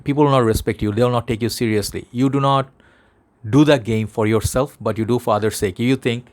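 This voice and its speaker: A man's voice: medium pitch, fairly even intonation, a little fast. A man with a Bangladeshi accent, talking casually to camera as a fragrance vlogger in an earnest, rambling way, speaking to his viewers like brothers.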